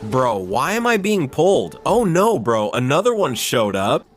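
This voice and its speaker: Excitable man narrating a survival game. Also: mid-range voice, a little slow, slight background noise. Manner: excitable, jumpy play-by-play. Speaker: gaming channel host. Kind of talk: Minecraft survival commentary.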